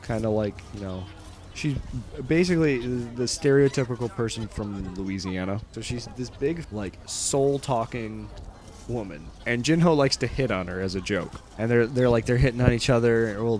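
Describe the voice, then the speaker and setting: A man casually recapping a story about his character, rambling with lots of filler words. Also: mid-range voice.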